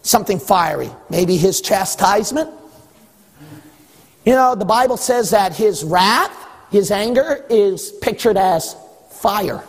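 A man preaching a sermon as pastor, animated, acting out exchanges with God. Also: high voice, slow, vocal fry. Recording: echoey hall with long reverb.

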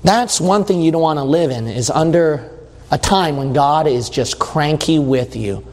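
High-voiced male preacher in a reverberant hall. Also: unhurried, a little mellow. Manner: conversational preaching, reading scripture aloud and questioning the audience. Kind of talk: sermon.

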